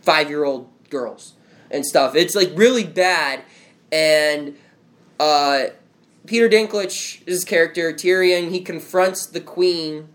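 At home with friends and family, a young man with a slightly high, somewhat bright voice chats casually at a slow pace. He rambles through a recap of a show, saying "like" over and over.

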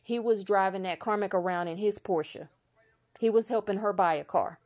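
A woman in a casual spiritual monologue, blunt and profane, speaking slowly and with emphasis, building to a heated intensity. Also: medium pitch, a little mellow. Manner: slow emphatic delivery that builds to raised intensity.

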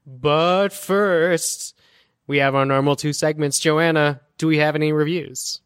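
A man's voice: fairly high pitch, little pitch movement, a little fast, smooth, no echo, clean studio sound. A man hosting a podcast in casual chat, steering the segments with light teasing. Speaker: podcast host.

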